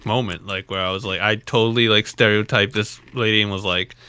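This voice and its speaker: A man's voice: on the low side, fairly even intonation, fairly quick, sharp tone, smooth. A young man hosting a podcast, telling rambling stories in casual chat and laughing often. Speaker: podcast host.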